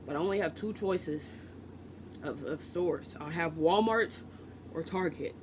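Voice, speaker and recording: Man from the US, book vlogger, loose chatty delivery, pitched high. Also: measured pace, background noise. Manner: chatty, self-interrupting, joking asides. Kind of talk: casual rambling vlog chat.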